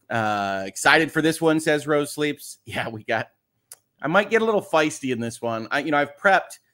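A middle-aged man chats easily as host of a live stream, reading viewer comments aloud and cracking dry jokes. His pitch sits in a middle range for a man. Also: fairly bright tone. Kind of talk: casual livestream chat.

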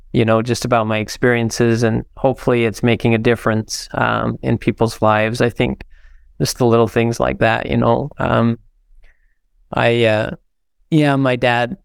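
Smooth-voiced older man telling stories. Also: mid-range voice, no room sound, studio quality. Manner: earnest, heartfelt storytelling. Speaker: podcast guest. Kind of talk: interview storytelling.

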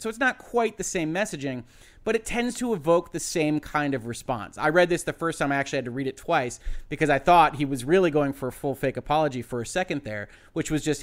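A man who is a lawyer giving measured, methodical commentary and explaining his reasoning step by step. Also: fairly high pitch. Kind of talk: analytical legal commentary.

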